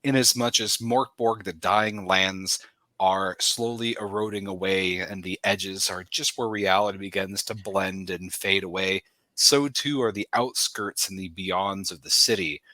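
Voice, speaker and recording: A man serving as game master, describing the setting in a measured, descriptive way. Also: sits low, steady tone, bright, forceful tone, no room sound.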